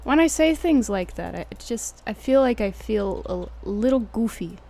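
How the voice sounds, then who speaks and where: A woman's voice: fairly high pitch, expressive, normal speed, dark tone. A young woman with a Texan accent chatting casually and jokingly while streaming a game, slangy and swearing freely. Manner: laid-back, jokey, slangy, swears casually. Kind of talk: casual gameplay commentary.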